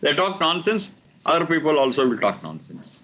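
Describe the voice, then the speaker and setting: A man teaching a class on scripture, explaining verses slowly and repeating the recited lines. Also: on the high side, big pitch swings, sharp tone. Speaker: teacher of Vedic texts.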